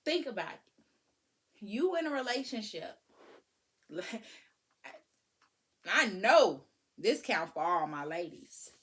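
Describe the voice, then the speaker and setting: A woman giving casual, animated parenting advice, breaking into sing-song sounds. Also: medium pitch, takes it slowly, long pauses, slightly rough. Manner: animated, preachy, sings and vocalizes to demonstrate. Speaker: parenting vlogger.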